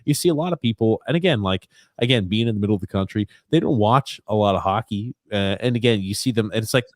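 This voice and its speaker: Animated lowish-voiced male sports podcaster. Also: fast talker, no echo, clean studio sound. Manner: animated, emphatic, repeats phrases. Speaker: podcast co-host. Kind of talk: casual sports chat reading viewer comments.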